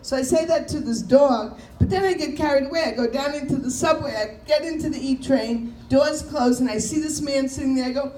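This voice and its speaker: High-voiced New woman doing stand-up. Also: moderate pace, few pauses, darkish tone. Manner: chatty, storytelling, mimics voices and announcements. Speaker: comedian. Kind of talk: stand-up comedy set. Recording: echoey room with faint noise.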